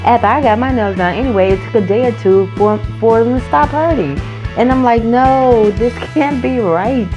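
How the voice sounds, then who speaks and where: Guitar music plays behind a nail vlogger from North Carolina, USA, whose fairly high voice comes through a little fast with the highs cut off. Talking casually, she wanders through a story, restarting and correcting herself along the way.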